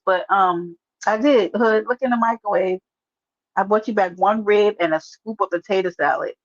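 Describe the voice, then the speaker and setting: A woman chats casually on her livestream, teasing and answering viewers by name as they write in. Her voice sits at an ordinary pitch. The sound is dull and lo-fi, with a dry, close room. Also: vocal fry, no room sound. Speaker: livestream host. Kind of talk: casual live-stream chat.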